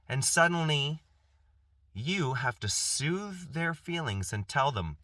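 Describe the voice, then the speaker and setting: A man's voice: fairly high pitch, animated, takes it slowly, pushed and bright, no room sound. A middle-aged man giving an earnest, impassioned self-help monologue, often restarting and repeating phrases.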